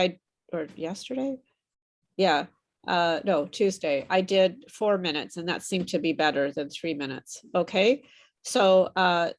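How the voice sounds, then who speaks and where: A woman teaching an online English pronunciation class over a video call, slow and patient, her voice a little worn as she says she is losing it. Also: medium pitch. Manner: patient, repeats and models words slowly.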